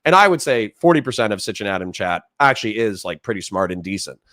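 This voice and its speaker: A man's voice: on the low side, sing-song, fast talker, bright, forceful tone. A man hosting a casual livestream, ranting with animation and reading out chat comments. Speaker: streamer host.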